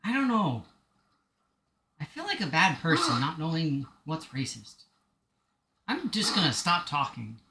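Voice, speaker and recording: A man's voice: on the high side, wildly swooping pitch, normal speed, vocal fry, roomy sound, background noise. A man live-streaming a video game, chatting casually in a rambling, self-deprecating way with joking asides. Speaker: gaming streamer.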